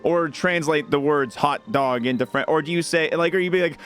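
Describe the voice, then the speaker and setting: A man streaming a video game, chatting casually and joking in animated little rants. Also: fairly high pitch, normal speed, hardly any pauses. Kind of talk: casual gameplay chat. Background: game music.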